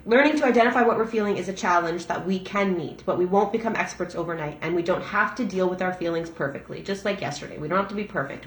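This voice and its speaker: A middle-aged woman, a massage therapist, giving a reflective talk on a daily reading, speaking gently with frequent restarts and fillers. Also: on the low side, reverberant, a little hiss or hum. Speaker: massage therapist and breathwork facilitator.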